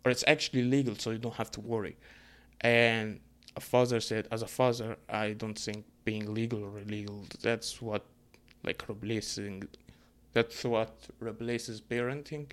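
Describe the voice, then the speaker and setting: A young man, ranting in a casual monologue, animated and profane, with an exasperated manner. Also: fairly low pitch, moderate pace, smooth. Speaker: storyteller.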